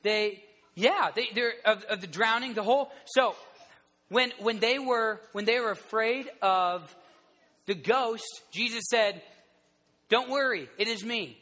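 A man in his thirties preaching a sermon to a group, telling the story in an animated way with many restarts. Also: high voice, unhurried, in a large hall. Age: 30s.

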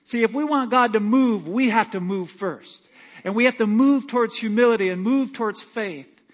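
A middle-aged male pastor preaching a sermon in a folksy, animated way, dropping to quiet asides and rising to loud climaxes. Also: very high voice, normal speed. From Michigan. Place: church sanctuary.

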